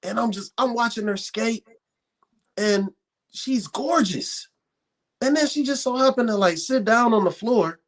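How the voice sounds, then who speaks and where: A man with a very high-pitched, unhurried voice chats casually on a podcast, telling animated stories full of swearing and emphatic repetition.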